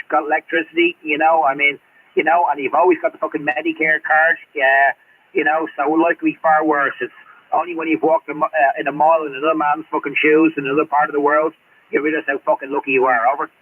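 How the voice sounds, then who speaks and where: A man's voice: on the high side, little pitch movement, a little fast, a little hiss or hum. A middle-aged Australian man chatting on CB radio, rambling and swearing all the time. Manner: rambling, swears constantly, blunt. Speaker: CB radio operator. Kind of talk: casual radio chat. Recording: tinny radio transmission.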